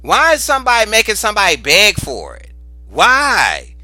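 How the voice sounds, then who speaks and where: Animated, bright-voiced man doing a tarot reading. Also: high voice, moderate pace, no room sound. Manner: animated, exclaims and repeats phrases for emphasis; informal, cusses freely. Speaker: tarot reader. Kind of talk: casual tarot reading vlog.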